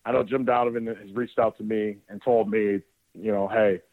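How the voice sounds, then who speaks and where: On dry, phone-like narrowband audio, a male sports radio host with a fairly low, fairly even voice talks at normal speed. His on-air story is casual and meandering, with occasional profanity and frequent false starts.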